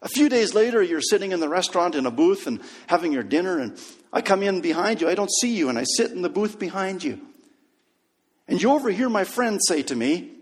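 A man preaching a sermon, telling a story and dropping to a hush on key lines. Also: high-pitched, very animated, brisk, husky. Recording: long hall reverb.

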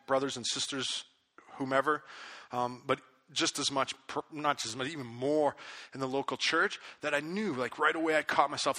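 A man's voice: mid-range voice, pushed and bright. A man preaching a sermon, telling a story animatedly and acting out his own angry outbursts. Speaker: pastor. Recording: long reverb of a big hall.

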